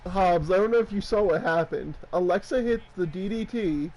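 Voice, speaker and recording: High-pitched man, excitable play-by-play caller for a wrestling game session. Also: normal speed, poor audio. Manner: excitable, laughs often. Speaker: gamer doing play-by-play. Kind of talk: casual wrestling game commentary.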